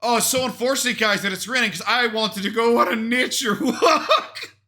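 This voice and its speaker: A man's voice: very high voice, normal speed, sharp tone. A man doing mocking reaction commentary into a desk microphone, swearing and laughing often. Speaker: commentary youtuber reacting to a vlog. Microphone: desk USB microphone.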